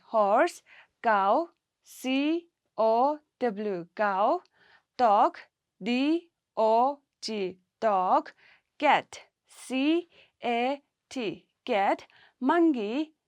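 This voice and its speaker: A woman's voice: a little high, no echo. A woman from Nagaland, India, teaching a primary English lesson and spelling words letter by letter for the class to repeat.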